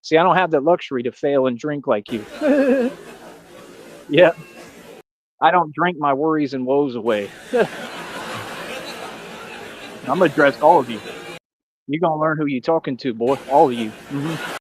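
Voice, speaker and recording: A man's voice: on the high side, a little fast, a faint crowd, a little hiss or hum. A young adult man, from Austin, delivering a boastful, taunting live-stream monologue full of slang and repeated catchphrases. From Austin, Texas.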